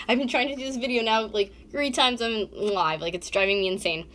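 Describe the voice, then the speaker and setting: A woman's voice: on the high side, fairly quick, fairly bright tone, slight background noise. A woman in her twenties from North America, rambling bluntly and swearing through a casual live-stream nail tutorial in her bedroom, filmed on a propped-up phone. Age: 20s. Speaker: beauty vlogger. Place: her warm bedroom at a vanity. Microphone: phone camera propped up close.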